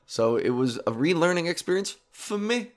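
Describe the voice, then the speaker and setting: A man's voice: on the high side, normal speed. A man talking in a casual comic monologue, rambling and profane, jumping from topic to topic. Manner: rambling, animated, profane, jumps between topics. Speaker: comedian podcast host.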